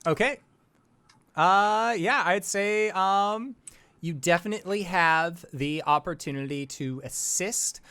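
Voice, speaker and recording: This is a relaxed game master running a tabletop superhero game. The voice sits at a middling pitch, and the narration is loose and chatty, full of "like" and "uh". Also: slow pace, clean tone. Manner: laid-back, filler-heavy narration.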